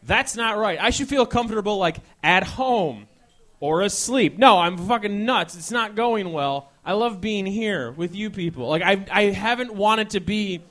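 High-voiced rambling young man on stage. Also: unhurried. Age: 20s. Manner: rambling, self-mocking, excitable. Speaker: talk show host. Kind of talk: live stand-up style talk show chat. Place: ballroom stage before a live audience.

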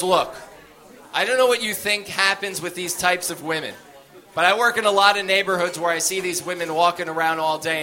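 A man telling a stand-up story on stage, acting out the voices of the people in it. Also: sits high. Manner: animated, acts out voices in his story. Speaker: stand-up comedian.

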